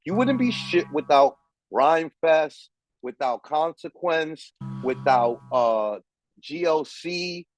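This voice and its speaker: A man's voice: a little high, animated, takes it slowly, soft background music, rough recording. A man hosting a podcast, ranting in heated, profane, emphatic casual talk. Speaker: podcast host. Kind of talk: casual chat.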